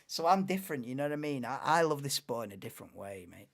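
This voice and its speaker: A young woman hosting a live watchalong stream, chatting in a rambling, excitable way and laughing often. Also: rumbling low, fast talker. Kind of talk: casual live watchalong chat.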